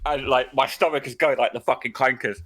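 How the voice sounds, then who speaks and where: A man's voice: medium pitch, fairly even intonation, fairly quick, a bit bright. A man co-hosting a podcast, telling a story in casual chat, swearing and laughing often. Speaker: podcast co-host.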